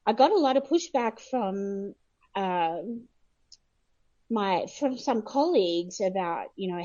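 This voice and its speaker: A woman's voice: medium pitch, darkish tone, no echo, muffled recording. A woman from Australia, a guest historian, answering interview questions in a chatty way with frequent fillers and laughs.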